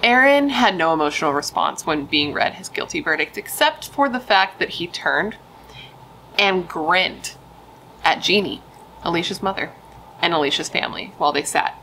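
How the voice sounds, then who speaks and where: A woman's voice: fairly low pitch, animated, normal speed, bright, forceful tone, slight background noise, rough recording. A young woman casually telling a true crime story, emphatic and chatty, swearing and saying dude and like.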